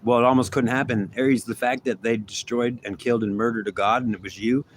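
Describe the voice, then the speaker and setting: Male astrology reader, mid-pitched, dramatic and rambling, switches into little imagined exchanges, faint noise behind. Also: steady tone, fast. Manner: intense, rambling, dramatic, acts out imagined dialogue. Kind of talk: monthly tarot reading monologue.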